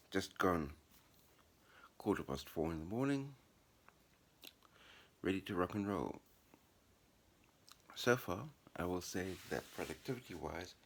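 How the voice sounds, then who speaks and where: Middle-aged male vlogger, low voice, chatty and rambling, light background noise. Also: vocal fry. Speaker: vlogger and writer. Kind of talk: casual vlog to camera. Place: apartment living room.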